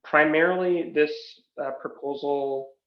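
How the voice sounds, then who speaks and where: A man presenting a technical proposal on a video call, speaking haltingly with many fillers. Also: on the high side, steady tone. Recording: echoey room, dull lo-fi audio.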